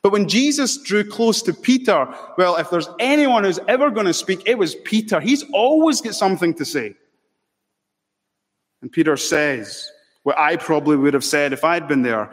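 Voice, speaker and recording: A man preaching a sermon with passion, building to loud emphatic peaks. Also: high-pitched, lively intonation, normal speed. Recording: long hall reverb.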